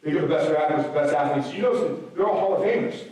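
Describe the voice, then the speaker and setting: A man's voice: on the high side, lively intonation, fast talker, a little mellow. A man in his thirties giving a motivational speech to a school assembly, punchy and direct, firing rhetorical questions at the students. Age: 30s. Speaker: motivational speaker. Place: large school gym or auditorium. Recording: very echoey hall, voice from far off.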